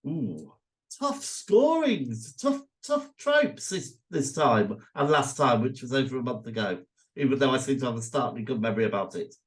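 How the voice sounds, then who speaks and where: A man co-hosting a podcast, chatting casually and arguing his points with animation. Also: a little fast. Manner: animated, jumps high when arguing. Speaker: podcast co-host. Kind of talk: casual banter.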